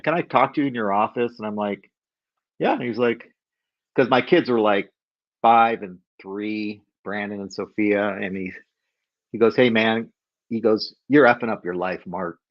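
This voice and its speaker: A middle-aged man telling a story as a podcast guest, animated and acting out the voices of people he quotes. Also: on the low side, unhurried, long pauses, dry recording, highs cut off.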